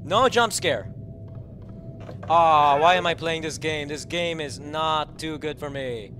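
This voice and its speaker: A man giving commentary while playing a horror game, often yelling and screaming in panic. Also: on the high side, slow, slight background noise. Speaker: gameplay video creator.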